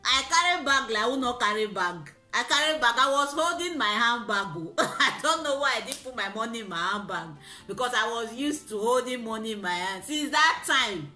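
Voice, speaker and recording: Young Nigerian woman, vlogger, lively pidgin-laced storyteller; higher, sharp voice, echoey sound. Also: moderate pace, soft background music. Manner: animated storytelling, mixing pidgin and laughter. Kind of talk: story time vlog. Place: in a car.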